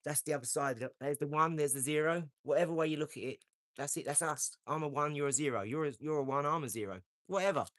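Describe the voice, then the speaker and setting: A man's voice: fairly high pitch, fast, fairly bright tone, no room sound. A man hosting a casual live stream, giving motivational talk with emphatic, repeated phrases. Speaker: livestream host. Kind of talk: casual motivational livestream chat.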